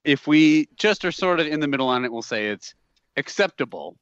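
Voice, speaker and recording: A man's voice: fairly high pitch, lively intonation, brisk, a bit bright, clear, resonant tone, no room sound, dull audio. A man co-hosting a casual podcast, joking crudely and laughing often. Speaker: podcast co-host. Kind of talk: casual chat.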